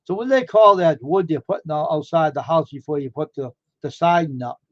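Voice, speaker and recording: A man's voice: on the high side, a little fast, no room sound. A man chatting casually on a live stream, rambling and amazed, firing off one question after another. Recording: dull lo-fi dry sound.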